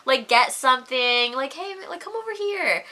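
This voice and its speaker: A woman's voice: high voice, expressive, normal speed, sharp tone, pitched above the performer's own voice. A woman imitating a male store clerk who coaxes a drunk customer over with breezy, upbeat chatter. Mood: coaxing. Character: casual male store clerk defusing a situation.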